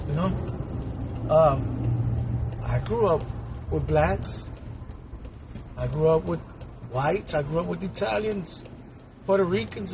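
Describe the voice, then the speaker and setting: High-voiced man over traffic noise. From Houston, Texas. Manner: rambling, blunt, streetwise, repeats himself. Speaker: YouTuber reacting to a clip. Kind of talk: casual spoken commentary.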